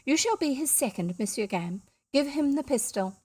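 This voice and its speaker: A woman voicing a proud, courtly French gentleman with a French accent, formal and mocking, polite but deadly. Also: high voice, animated, moderate pace, husky, no room sound. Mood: cold scorn. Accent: French, as put on. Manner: elaborate bows of speech, formal and mocking.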